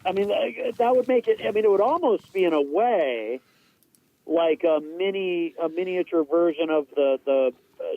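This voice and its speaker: A man's voice: high voice, expressive, moderate pace, no echo, narrow, tinny audio. A man in casual podcast chat, hesitant and restarting his sentences often.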